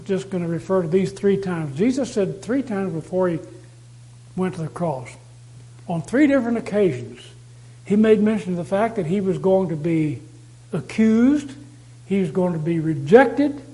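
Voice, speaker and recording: Guy preaching a sermon, pretty high voice, leans hard on repeated lines. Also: animated, moderate pace, mellow, poor audio. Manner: emphatic, repeats key phrases for stress.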